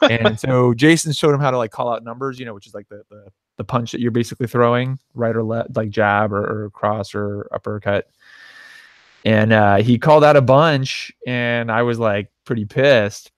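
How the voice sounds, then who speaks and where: A man's voice: mid-range voice, steady tone, moderate pace, no echo, studio quality. A young man co-hosting a podcast, telling a profane anecdote casually and animatedly, quoting other people in his own voice. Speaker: podcast co-host. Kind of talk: casual storytelling chat.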